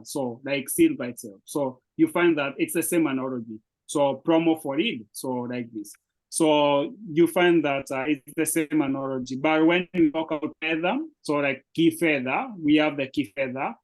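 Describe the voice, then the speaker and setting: A man's voice: on the high side, poor audio. Patient Kenyan man teaching Swahili. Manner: encouraging, explains slowly with many fillers. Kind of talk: patient one-on-one language lesson.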